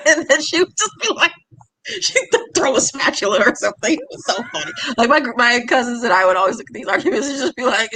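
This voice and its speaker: A woman guest in a casual live-stream chat over a video call, chatty and quick to laugh. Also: on the high side, very animated, sharp tone, slightly rough, rough recording.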